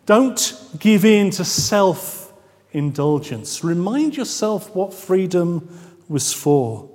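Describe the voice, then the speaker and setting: A man preaching a sermon, measured and emphatic, drawing out key phrases. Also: high voice, very animated, darkish tone, in a large hall. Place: church.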